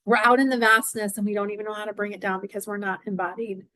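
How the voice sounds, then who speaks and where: A woman's voice: mid-range voice, steady tone, fast, sharp tone, dry recording. A middle-aged woman hosting an astrology channel, talking in an effusive, rambling spiritual monologue that is full of repeated phrases and "like" fillers.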